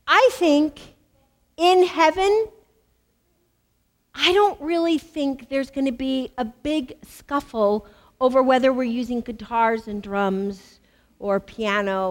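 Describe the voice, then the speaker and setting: A middle-aged American woman, a women's ministry speaker, preaching and telling a personal testimony with animated, emphatic repetition. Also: high-pitched, slow pace. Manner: animated storytelling, emphatic repeats.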